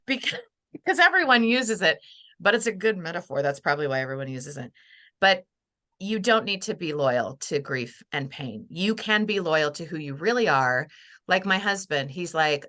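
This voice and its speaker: Middle-aged woman, podcast guest; bright, low-ish voice, sincere and reflective. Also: expressive, normal speed. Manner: earnest and heartfelt, acts out quoted voices. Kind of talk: reflective interview conversation.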